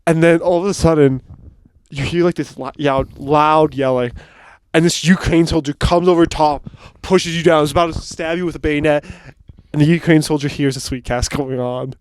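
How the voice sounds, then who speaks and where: A man's voice: fairly high pitch, fairly even intonation, normal speed, clear, resonant tone. A young man co-hosting a podcast, telling rambling jokey stories and swearing casually. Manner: joking, rambling storyteller, swears a lot. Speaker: podcast co-host. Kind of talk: casual chat.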